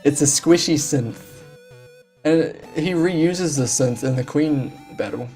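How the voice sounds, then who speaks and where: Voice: medium pitch, slow pace, darkish tone, faint music behind. Rambling, chuckling game streamer. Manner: rambling, laughing, self-deprecating. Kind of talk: casual live-stream chat. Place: home room.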